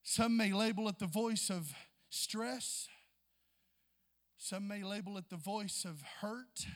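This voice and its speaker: High-voiced impassioned male preacher in a reverberant hall. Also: takes it slowly. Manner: impassioned, building to near-shouts with church interjections. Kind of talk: sermon.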